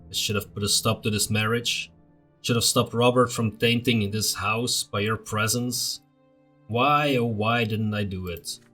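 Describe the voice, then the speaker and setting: A man voicing a fanatical, crazed old nobleman grandfather in a story game, ranting and slow. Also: fairly low pitch, fairly even intonation, pushed and bright, faint music behind. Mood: bitter. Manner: ranting, slow menacing pronouncements.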